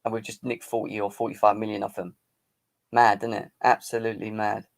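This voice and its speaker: A man's voice: on the low side, flat delivery, brisk, creaky. Boisterous man hosting a fan stream. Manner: boisterous, teasing banter, chanting. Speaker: fan channel live-stream host. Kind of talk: casual live-stream football chat.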